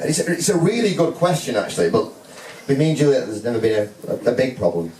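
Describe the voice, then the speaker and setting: Groom at a wedding, man, lively teasing delivery, roomy hall, crowd audible. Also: mid-range voice, quick pace. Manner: joking, self-mocking. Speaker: groom giving a wedding speech. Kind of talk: wedding speech. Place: wedding reception hall with guests. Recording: echoey hall, heard from a distance, with a crowd.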